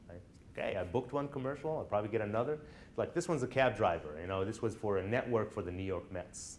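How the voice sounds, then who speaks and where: A man's voice: on the low side, a little hiss or hum. A man lecturing college students in a classroom, telling personal stories in a conversational way and often checking in with the class.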